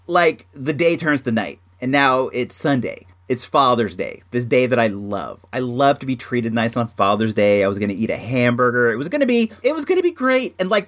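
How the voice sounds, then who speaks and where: A man talking casually to his audience, his pitch swinging up and down as he tells a story. He rambles, restarts and keeps dropping "like" and "dude", relaxed and chatty. It sounds like a host talking straight to his listeners. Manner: rambling, animated, heavy use of "like" and "dude". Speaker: host of a home show.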